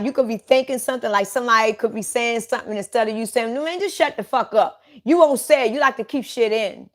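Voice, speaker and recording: A woman giving a psychic reading straight to one listener, blunt and repetitive, with casual swearing. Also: medium pitch. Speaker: psychic reader.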